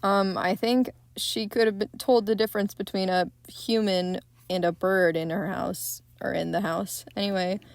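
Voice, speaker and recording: A young woman hosting a podcast, casually recapping a film in a candid, excitable way, with frequent swearing. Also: mid-range voice, moderate pace, few pauses, no echo. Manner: profane, candid and excitable retelling. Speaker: podcast host.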